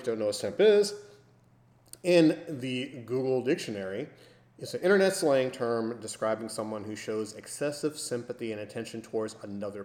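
Man, podcast co-host, animated storyteller who acts out the dialogue, mid-pitched, roomy echo. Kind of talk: casual storytelling.

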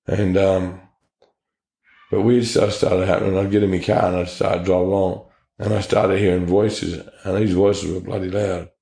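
Australian man, low gravelly voice, warm dark tone, echoey room, blunt testimony. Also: level tone, normal speed. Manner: blunt, earnest storytelling with slang. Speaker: interview guest. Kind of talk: personal testimony.

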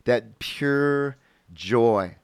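A man's voice: mid-range voice, lively intonation, very slow, smooth, no echo. A man hosting a podcast in casual interview chat, talking with enthusiasm and often repeating words as he goes. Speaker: podcast host.

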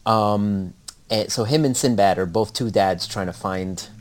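A man co-hosting a casual podcast, retelling movie plots in a rambling, profane, animated way. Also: fairly low pitch, unhurried. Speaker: podcast co-host.

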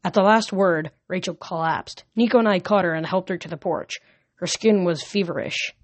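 A woman reading a novel aloud at a steady pace, with small slips and restarts. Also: on the low side, moderate pace, dry recording. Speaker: audiobook reader.

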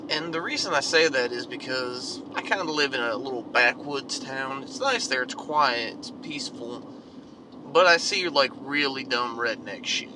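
A man's voice: mid-range voice, normal speed. A man telling a funny, profane story about his neighbors in a sarcastic, swearing manner. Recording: distant mic with outdoor noise.

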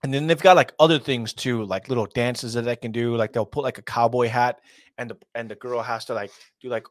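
A man's voice: mid-range voice, fairly quick, no room sound. A man hosting casual reaction commentary in a slangy way, with lots of fillers. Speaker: host.

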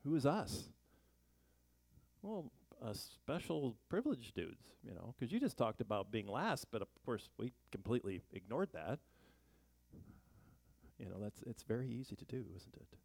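Gravelly, lively man teaching the Bible. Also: lowish voice, normal speed, dry recording. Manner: chatty, joking asides, rhetorical questions. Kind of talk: conversational Bible study sermon.

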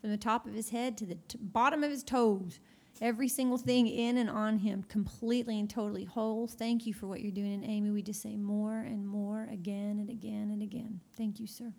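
A woman's voice: mid-range voice, steady tone, brisk, a little mellow. A woman podcast host praying aloud over her guests in fervent, repetitive declarations. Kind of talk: spoken prayer and declaration.

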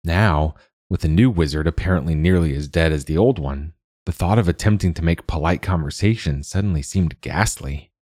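A man with a very deep, low voice reads a storybook in a measured, wry manner. The recording is dry and close, with no room sound. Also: a little mellow, dry recording. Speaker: narrator. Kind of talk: storybook narration.

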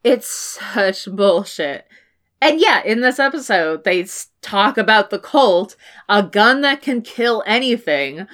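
Animated, swearing young woman co-host. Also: mid-range voice, slow pace. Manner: animated, profane, laughs often. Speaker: podcast co-host. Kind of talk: casual TV recap chat.

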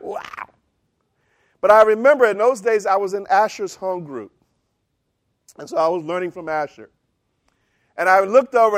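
A middle-aged man preaching a sermon as pastor, emphatic, swinging from loud bursts to hushed lines. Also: high voice, no echo, studio quality.

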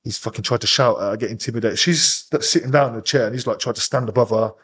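A young man, a podcast guest, bluntly retelling events with heavy swearing and animated energy. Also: mid-range voice, quick pace, slightly rough. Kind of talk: casual interview storytelling.

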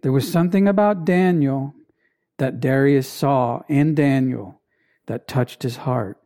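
A preacher gives a sermon in a warm, mellow voice. The delivery is unhurried and emphatic, leaning on dramatic pauses and repeated lines. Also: medium pitch.

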